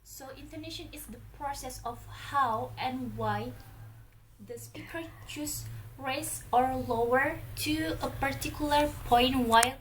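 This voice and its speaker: A woman's voice: high voice, measured pace, slight background noise, rough recording. A young woman with an Indonesian accent giving a class presentation, reading carefully from her notes and listing examples one by one. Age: young adult. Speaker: student presenter. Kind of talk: read-aloud class presentation.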